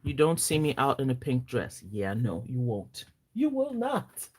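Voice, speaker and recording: A woman with a Nigerian accent chatting casually on a live stream, excitable, gasping and teasing her viewers playfully. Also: rumbling low, moderate pace. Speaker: planner vlogger.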